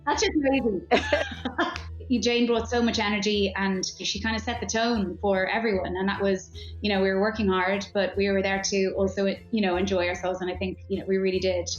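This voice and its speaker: A woman's voice: medium pitch, steady tone, moderate pace, soft background music. A woman actor talking appreciatively about her castmates in a cast interview. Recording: roomy, slightly dull audio.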